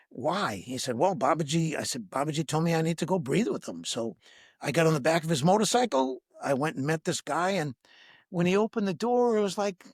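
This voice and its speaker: High-voiced man telling a story. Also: no echo, clean studio sound. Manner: lively anecdote with acted-out dialogue. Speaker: breathwork teacher, podcast guest. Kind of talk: storytelling in conversation.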